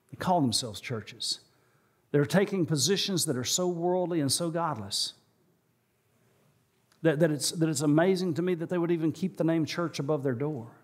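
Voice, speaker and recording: A male pastor preaching a sermon in a church, telling a story and slowing and rising in pitch for emphasis. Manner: storytelling, slows and rises for emphasis. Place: church sanctuary.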